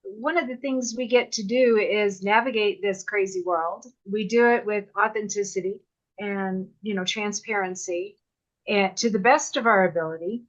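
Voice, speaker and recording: A woman's voice: medium pitch, normal speed. Reflective woman host with a muffled sound. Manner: reflective and open, with light laughter. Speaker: podcast host. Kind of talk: casual conversation.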